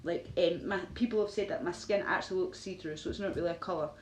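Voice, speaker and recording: A woman's voice: fairly low pitch, fast. A Glaswegian woman live-streaming, chatting to viewers in a rambling, filler-heavy way with frequent laughs. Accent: Glaswegian Scottish. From Scotland. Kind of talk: casual live-stream chat answering viewers. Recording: roomy echo with faint noise.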